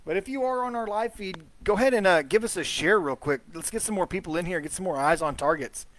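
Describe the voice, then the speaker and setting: Male host, slightly high voice, chatty live footage commentary. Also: fast, fairly bright tone. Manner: chatty, trailing off with fillers. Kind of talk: casual live commentary on ghost-hunt footage.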